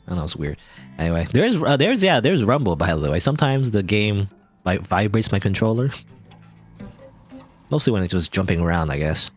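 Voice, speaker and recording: Chatty let's-play man, low voice with lively swings, rambling game commentary. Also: normal speed, pauses often, faint music behind.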